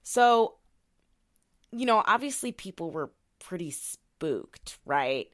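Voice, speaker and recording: A woman's voice: lowish voice, very animated, slow pace, dry recording, studio quality. A young woman co-hosting a podcast, telling a story in a casual, swearing, filler-heavy way and reading quotes aloud. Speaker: podcast co-host.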